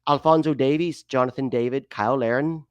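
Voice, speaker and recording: A man's voice: fairly high pitch, big pitch swings, normal speed, no echo, highs cut off. A man putting on a jokey Canadian news reader. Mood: mock formal. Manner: exaggerated, self-mocking put-on accent drifting toward Irish. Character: mock Canadian man reading a sports article.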